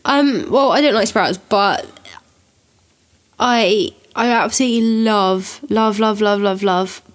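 A woman's voice: medium pitch, slow. A woman co-hosting a podcast at home, chatting casually, giggling often and slipping into funny voices. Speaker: podcast co-host. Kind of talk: casual chat.

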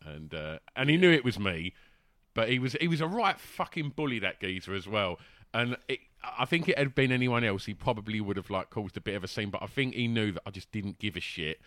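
A man tells a rambling anecdote, full of fillers and restarts. His voice is bright and swings widely in pitch. The sound is close and dry, with no room in it. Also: expressive, brisk, hardly any pauses, no echo. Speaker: guest telling a story. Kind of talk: casual anecdote.

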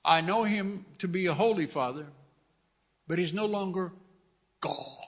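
A man's voice: high voice, a little slow, a bit bright. A middle-aged man preaching a fervent sermon as pastor, repeating his phrases and calling out hallelujahs. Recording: long reverb of a large hall.

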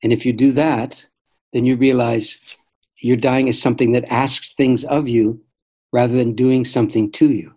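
An older man, a guest in an interview, telling stories in a thoughtful, measured way and often restarting his sentences. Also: mid-range voice, fairly even intonation, darkish tone, rough recording. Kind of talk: reflective storytelling conversation.

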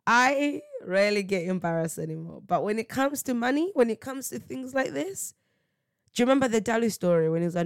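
A woman's voice: a little high, animated, fairly quick, no echo, clean studio sound. A woman hosting a casual solo podcast. She tells slangy stories animatedly, laughs often and acts out what people said. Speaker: podcast host.

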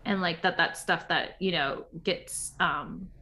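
A young woman with a slightly low voice chatting as a podcast co-host. She is talkative and laughs easily. She often slips into quoted voices while she recaps episodes. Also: takes it slowly, bright, forceful tone, a little hiss or hum. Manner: chatty, laughing, quoting people in mock voices. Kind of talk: casual chat recapping reality TV.

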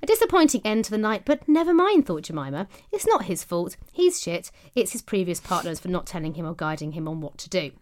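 A woman's voice: lowish voice, sing-song, a little fast, hardly any pauses, darkish tone. A woman co-hosting a podcast, telling a story in a gleeful, swearing, casual way. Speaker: podcast co-host.

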